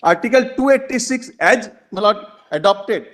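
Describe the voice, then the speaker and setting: High-voiced male advocate arguing in court. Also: lively intonation. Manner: addresses the bench as "my lord" constantly, halting restarts. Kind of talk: courtroom legal argument.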